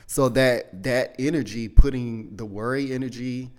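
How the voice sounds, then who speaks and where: A man's voice: mid-range voice, fairly even intonation, measured pace, clear, resonant tone. A man hosting a podcast, telling a personal story in a candid, rambling way full of "like" and "you know", with casual swearing. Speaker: podcast host.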